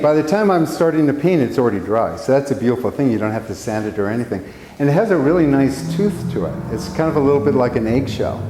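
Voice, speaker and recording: A man's voice: fairly low pitch, a little mellow. Older man, painting teacher, rambling self-mocking chat, echoey hall, faint noise. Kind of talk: casual talk to a live class. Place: room with a small live audience.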